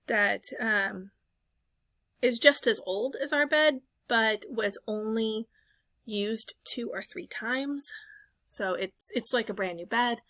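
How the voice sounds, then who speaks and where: A bright, forceful reseller vlogger in her thirties does a casual voice-over of her thrift haul, rambling amiably, correcting herself mid-sentence and using fillers. Her voice is on the high side and gravelly, recorded dry and close with no room sound.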